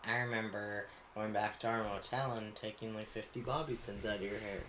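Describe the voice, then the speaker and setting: A podcast co-host chatting casually with friends. The voice sits at an ordinary pitch. It delivers short, deadpan, crude one-liners. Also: a little fast, a little hiss or hum. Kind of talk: casual chat.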